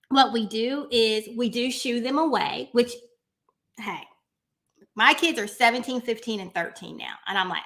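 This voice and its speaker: A woman's voice: a little high, a bit bright. A woman, hosting a casual chat, playful and emphatic, often laughing at herself. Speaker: host.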